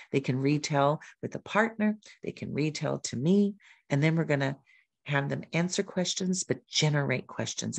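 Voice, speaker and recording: Gravelly-voiced woman presenting on teaching literacy. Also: deep voice, a little mellow, dry recording. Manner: demonstrates teaching by role-playing her questions to students; lists points in short rhythmic phrases. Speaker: literacy educator presenting at a summit. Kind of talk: presentation with modeled classroom dialogue.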